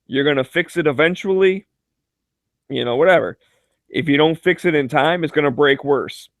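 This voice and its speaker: The man's voice is fairly high and moderately paced, captured as clean studio sound with no echo. A chat regular, he tells profane, joking stories loosely, leaning on filler words and lots of "like"s, with frequent laughter.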